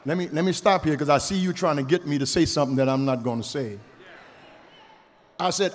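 A man, a pastor, preaching a sermon that moves between quiet storytelling and shouted, rhythmic declarations with repeated phrases. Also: on the high side, a little fast, slight background noise. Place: church sanctuary. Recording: long church reverb.

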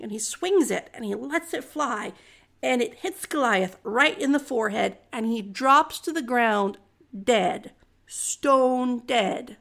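A woman's voice: sits high, gravelly, fairly bright tone. A woman retelling a story in a chatty, jokey, slangy way.

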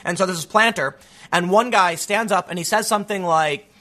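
A man's voice: on the high side, fast talker. A man hosting a show and delivering an opinionated monologue, emphatic, acting out quotes in the voices of others. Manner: animated, emphatic, acts out quotes. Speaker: political commentator host.

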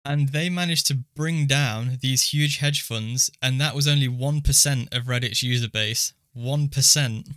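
A young man co-hosts a casual podcast and patiently walks his friend through an idea. His voice is bright and forward. The sound is dry and close, with no room around it. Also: medium pitch, measured pace, hardly any pauses, no room sound. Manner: explains things step by step. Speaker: podcast co-host.

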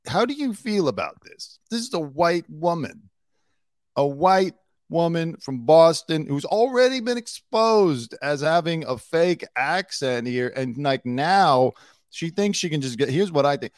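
A man's voice: on the high side, lively intonation, unhurried, dry recording, clean studio sound. A man hosting a casual news commentary show, chatting and mocking clips with plenty of fillers.

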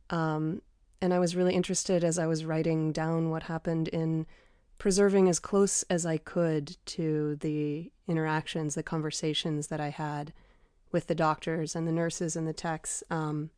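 A woman reads her own memoir in a lowish, mellow voice. Her delivery is dry and understated, with deadpan asides. The sound is close and dry, with no room around it. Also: clear, resonant tone, no room sound. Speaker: author reading her memoir. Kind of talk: first-person memoir reading.

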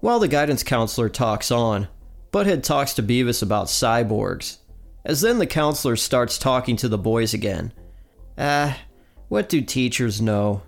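A man's voice: mid-range voice, expressive, moderate pace, vocal fry, soft background music. Man narrating an episode recap. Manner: plain retelling with quoted lines. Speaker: podcast host.

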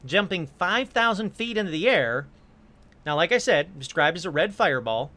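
A man hosting a casual storytelling monologue, animated and joking, with quick asides and apologies. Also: sits high. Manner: animated, jokey asides, puts on silly voices briefly. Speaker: host.

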